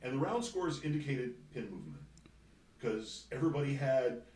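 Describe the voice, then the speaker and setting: A man's voice: medium pitch, expressive, moderate pace, darkish tone, reverberant, distant mic, poor audio. A man hosting a casual sports talk radio show, rambling and joking, swearing freely. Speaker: host. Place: radio studio.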